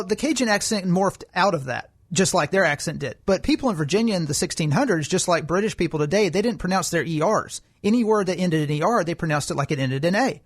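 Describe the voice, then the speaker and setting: Emphatic man lecturing on a podcast. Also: a little high. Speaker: podcast co-host. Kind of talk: political commentary chat.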